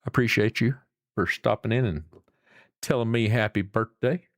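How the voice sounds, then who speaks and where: A man's voice: lowish voice, moderate pace, dry recording, studio quality. A middle-aged man, chatting casually and rambling to his livestream viewers. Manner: rambling, folksy, swears casually. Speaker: livestream host.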